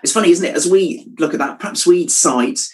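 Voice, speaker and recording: A man preaching a sermon, thoughtful and measured, dropping his voice quietly when quoting scripture. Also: a little high, rough recording. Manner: reflective, drops to a hush on quoted scripture.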